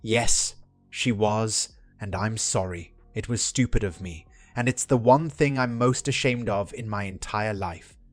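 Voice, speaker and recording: A man's voice: lowish voice, a little slow, dry recording, faint music behind. A man reading the lines of an earnest, joking middle-aged husband in a dry, plain voice.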